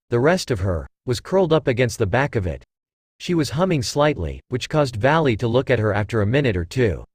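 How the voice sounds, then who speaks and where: A man's voice: mid-range voice, dry recording, studio quality. A man narrating a fanfiction story, chatting briefly before reading. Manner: chatty author's notes, then plain narration.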